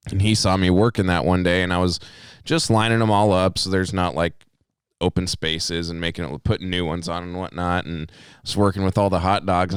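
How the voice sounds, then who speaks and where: A man's voice: clear, resonant tone, no echo, studio quality. A man in his twenties co-hosting a podcast, telling a story in casual chat, swearing freely. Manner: animated storyteller, swears freely, jumps into high voices quoting people. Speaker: podcast co-host.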